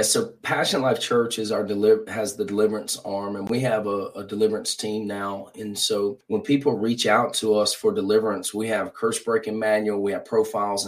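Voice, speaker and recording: A man's voice: on the low side, low-quality recording. A man who is a pastor, talking earnestly as a guest in an interview, with a preacher's rhythm and frequent repeated words. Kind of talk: conversational ministry interview.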